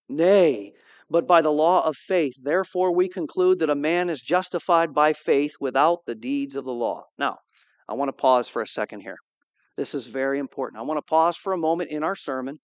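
A man preaching a sermon as pastor, reading scripture and acting out dialogue with animated emphasis, asking the congregation to respond. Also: fairly high pitch, dry recording, highs cut off. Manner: animated, acts out quoted dialogue.

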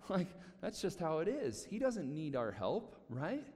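A man's voice: on the high side, normal speed, few pauses. A man preaching a sermon, talking casually and animatedly, often repeating himself. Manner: conversational, animated preaching with repetitions. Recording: long hall reverb.

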